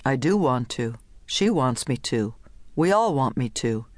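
A woman's voice: very deep voice, expressive, a little slow, darkish tone, no room sound, full character voice. A woman narrator voicing a middle-aged husband who talks in a wry, accusing way. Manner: sardonic, accusing.

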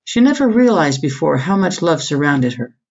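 A woman reading a historical novel aloud as audiobook narrator, in an even, measured way. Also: deep voice, breathy edge, distant mic, muffled recording. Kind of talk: scripted narration.

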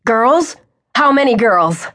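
A woman's voice: a little high, very animated, takes it slowly, fairly bright tone, voice pushed up, full character voice. A woman doing a cheeky thirteen-year-old boy. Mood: eager. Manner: eager, cheerful. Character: teenage boy, 13, cheeky and girl-crazy.

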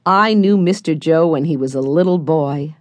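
A woman's voice: low-pitched, moderate pace, no echo, natural voice. Cheerful old boat captain, read by a woman. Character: friendly boat captain, cheerful older man.

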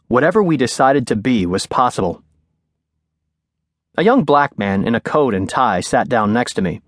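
A man narrates a thriller in a steady, measured voice of middle pitch. His delivery is clear and composed, and the studio recording is dry and close, with no room echo. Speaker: audiobook narrator. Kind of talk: scripted narration. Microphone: studio microphone.

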